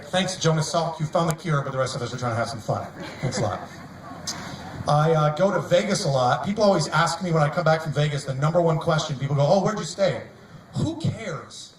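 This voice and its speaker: A man doing a live stand-up set on an outdoor stage, wry and deadpan, sometimes laughing at his own jokes. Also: a little high, fast. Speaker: stand-up comedian. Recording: echoey, distant mic, noisy outdoor crowd. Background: outdoor crowd ambience.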